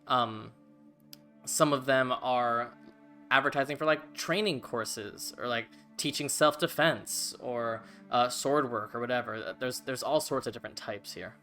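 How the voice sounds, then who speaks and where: Bright-voiced man as game master. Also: medium pitch, measured pace, faint music behind. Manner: relaxed, casual, filler-heavy. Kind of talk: narrating a tabletop game.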